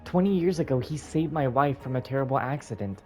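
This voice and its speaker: A man's voice: mid-range voice, a little fast, soft background music, pitched above the performer's own voice, close to an everyday voice. A man voicing an emotional, grieving man who pleads for help in a video game. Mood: distraught. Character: distraught grieving man, haunted by the past.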